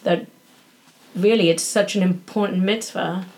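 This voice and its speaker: A woman's voice: mid-range voice, steady tone, measured pace, a little mellow. A woman from Yorkshire, chatting as a podcast guest and filling her talk with "you know" and "um". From Yorkshire, England. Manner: chatty, many fillers and restarts. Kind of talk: casual interview chat.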